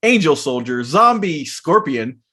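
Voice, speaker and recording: A man with a slightly higher voice co-hosts a relaxed chat, reading spoiler card text aloud with many fillers. He sounds easygoing and casual throughout. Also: measured pace. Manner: laid-back, reads card text aloud, frequent fillers. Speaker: podcast co-host.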